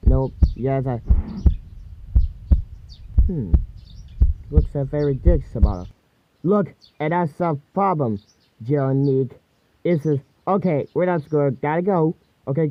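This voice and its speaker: A man rambling in a halting, jumbled way, voicing over a cartoon. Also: fairly high pitch, muffled recording. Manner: jumbled, halting speech with many restarts.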